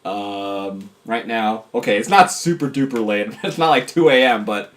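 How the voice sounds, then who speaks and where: Goofy lively-voiced man commentating a game. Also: fairly low pitch, normal speed. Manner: goofy, talks and yells at his virtual pets. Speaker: gameplay commentator.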